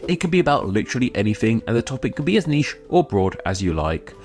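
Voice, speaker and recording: A man's voice: mid-range voice, sing-song, fast, a little mellow, soft background music. A British man from the United Kingdom giving a scripted explainer, chatty with self-mocking asides. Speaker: YouTuber explaining idioms.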